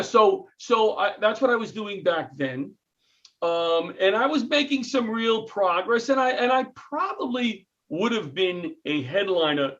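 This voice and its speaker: A middle-aged man with a New York accent, a comedian and retired firefighter, telling stories in an interview with lively acted-out quotes. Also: sits high, muffled recording. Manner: animated storyteller, acts out quotes, self-interrupting. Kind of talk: interview storytelling.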